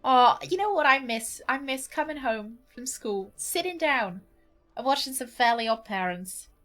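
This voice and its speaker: A woman's voice: high-pitched, animated, moderate pace, fairly bright tone, faint music behind. A British woman streaming a game in casual chat, laughing, swearing and ranting with mock indignation. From Britain. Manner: swears freely, laughs, rants with exaggerated indignation.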